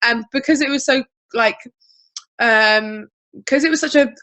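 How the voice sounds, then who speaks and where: A woman telling her story on a video call, chatty and animated. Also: a little high, a little slow. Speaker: guest. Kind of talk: casual video-call interview.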